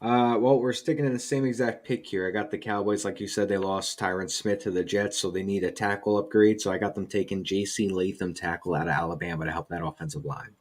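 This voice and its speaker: A man on a casual sports podcast, steady and plain as he lays out his picks. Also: sits low, quick pace, few pauses. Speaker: podcast co-host.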